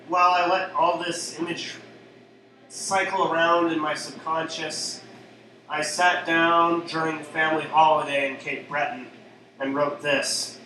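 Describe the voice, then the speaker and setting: A man's voice: a little high, sharp tone, slight background noise. A man, a poet, casually and hesitantly introducing his next poem at a live reading night in a small cafe. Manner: rambling, offhand, hesitant with fillers. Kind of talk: casual intro between poems. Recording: echoey live room from far off, crowd.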